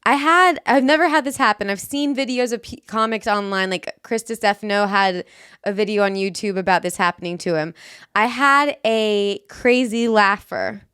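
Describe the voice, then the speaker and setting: A woman's voice: medium pitch, normal speed, fairly bright tone, clear, resonant tone, no room sound, clean studio sound. A woman from Florida co-hosting a comedy podcast in casual chat, chatty and full of fillers. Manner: chatty, uses many fillers like "like". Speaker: podcast co-host and stand-up comic.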